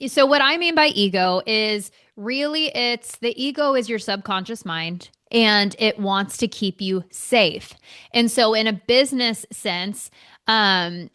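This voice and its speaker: A woman's voice: medium pitch, fairly bright tone. A woman co-hosting a business podcast in casual chat, blunt and outspoken, swearing freely. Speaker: podcast co-host, business coach.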